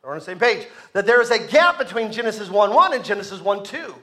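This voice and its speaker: Male pastor, lively joking sermon to a church crowd, high bright voice. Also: fast. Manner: joking, animated, asks the congregation for responses. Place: church sanctuary with congregation.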